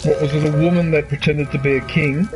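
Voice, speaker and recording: A man's voice: fairly high pitch, steady tone, a little fast, over music, poor audio. A man streaming a game and giving casual commentary. He gets worked up and rants, often restarting and repeating his words. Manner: worked up, ranting, repeats himself. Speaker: gaming streamer. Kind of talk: casual ranting commentary over gameplay.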